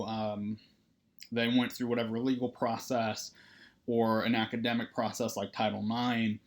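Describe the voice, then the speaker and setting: Therapist lecturing counseling students, medium-pitched male voice, relaxed and conversational, peppers his talk with "right?". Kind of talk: recorded lecture.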